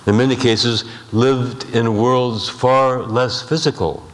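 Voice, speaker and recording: A male pastor preaching a sermon, measured, slowing down for emphasis and asking rhetorical questions. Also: medium pitch, fairly even intonation. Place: church sanctuary. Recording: long hall reverb.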